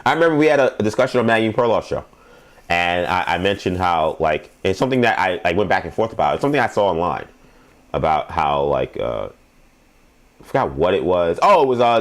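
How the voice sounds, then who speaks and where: A man's voice: low-pitched, very animated, fairly quick. A young adult man hosting a sports show, giving rambling, emphatic commentary and laughing at his own stories.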